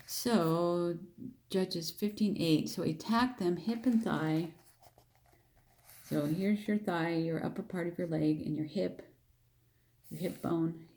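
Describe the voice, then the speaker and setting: Speaking in a mellow, fairly low voice, a woman reads Bible verses and casually explains the story, talking through them with restarts and repeated phrases. She plays out the characters' lines with emphatic lifts.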